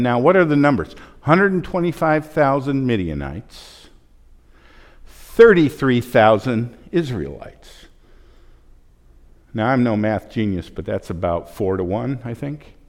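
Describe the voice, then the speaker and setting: A man preaching a sermon as a pastor, conversational with joking asides. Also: medium pitch. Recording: long hall reverb.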